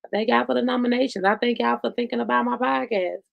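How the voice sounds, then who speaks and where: A woman's voice: on the high side, fairly even intonation, fast talker, creaky, muffled recording. A woman hosting her own podcast live, chatting loosely and directly to her viewers with plenty of asides. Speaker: podcast host. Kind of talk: casual live-stream chat.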